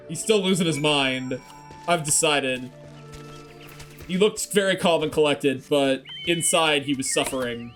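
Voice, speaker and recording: A man's voice: on the high side, measured pace, fairly bright tone, faint music behind. A man casually commenting on a game he is playing, with joking asides. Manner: joking asides, laughs easily. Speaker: streamer.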